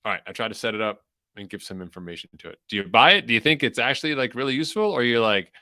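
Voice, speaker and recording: A man's voice: mid-range voice, rapid-fire, pushed and bright, no echo, clean studio sound. A young adult man hosting a podcast in a loose, rambling way, full of fillers and restarts. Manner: rambling, filler-heavy, self-interrupting. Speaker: podcast host. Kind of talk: casual chat.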